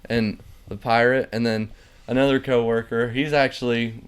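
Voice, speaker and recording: A man's voice: mid-range voice, fairly even intonation, moderate pace, clear, resonant tone. A young man hosting a casual podcast chat, telling rambling, profane work stories full of likes. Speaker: podcast host.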